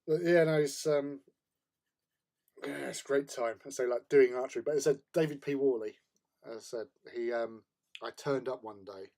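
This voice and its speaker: A man chats casually on a hobby livestream, drifting from one anecdote to the next. His voice sits at an ordinary middle pitch. He chuckles often and keeps things loose and unhurried. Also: a little mellow. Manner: rambling storyteller, chuckles often. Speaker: hobby streamer. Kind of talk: casual hobby stream chat.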